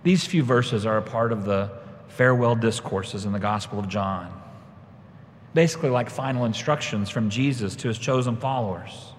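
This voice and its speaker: A man's voice: fairly low pitch, normal speed, a little hiss or hum. Man preaching in a reverberant hall. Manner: storytelling, rises when quoting himself. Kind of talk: sermon. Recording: long reverb of a large hall.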